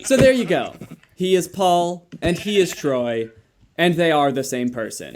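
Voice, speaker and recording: A man giving casual commentary, full of sarcastic, dry joking asides. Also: on the high side. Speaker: commentary YouTuber.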